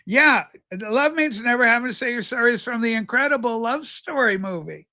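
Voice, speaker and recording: High, bright-voiced man hosting a livestream. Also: lively intonation, fairly quick. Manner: rambling, jokey, talks to chatters by name. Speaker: livestream host. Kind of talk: casual livestream chat reading viewer comments.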